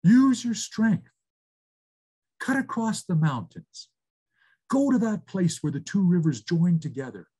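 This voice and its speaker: A man voicing a wise old male spirit who teases slowly and with amusement, over a video call. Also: sits high, big pitch swings, mellow, husky, voice pushed up, exaggerated voice. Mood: urging. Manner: amused, teasing, slow and drawn out.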